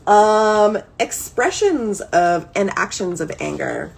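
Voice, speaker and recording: A woman's voice: mid-range voice, sing-song, vocal fry, slight background noise. A woman in her thirties chatting candidly on a live stream as she reads through a therapy workbook, swearing freely and wandering off on digressions. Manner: candid, swearing, quick digressions with laughing asides. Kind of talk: casual live-stream chat. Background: faint ambient music.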